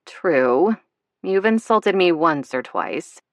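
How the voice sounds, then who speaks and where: A woman narrator voicing a soft-spoken, sincere grown woman with a low, sweet voice in an audiobook. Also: lively intonation, slow, no room sound. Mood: gentle.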